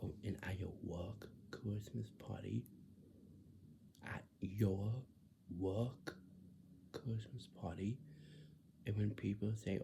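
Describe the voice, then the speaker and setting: Gravelly low man, whispering then loud. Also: fairly even intonation, slow pace, long pauses, noisy background. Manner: repetitive, switching between hushed whispering and loud emphatic bursts. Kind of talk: casual monologue giving advice.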